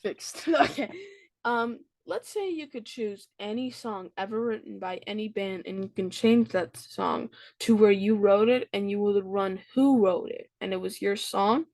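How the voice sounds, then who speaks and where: A woman hosting a casual interview, giggly and prone to excited outbursts. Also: mid-range voice, measured pace, no echo. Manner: giggly, bursts into excited exclamations. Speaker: podcast host.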